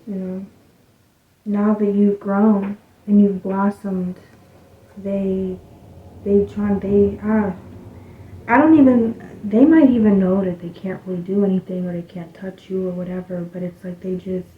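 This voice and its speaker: Woman reading cards for her channel: loose, rambling, low-key and even in pitch, recorded thin and boomy. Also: measured pace, a little hiss or hum. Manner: rambling, loose, with soft muttered asides. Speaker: tarot reader. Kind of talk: casual spiritual card reading. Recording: tinny, phone-like sound in an echoey room.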